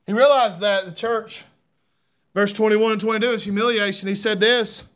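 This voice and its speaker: A middle-aged man preaching a sermon, fervent, swinging between loud shouts and hushed asides. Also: high voice, fairly even intonation, normal speed.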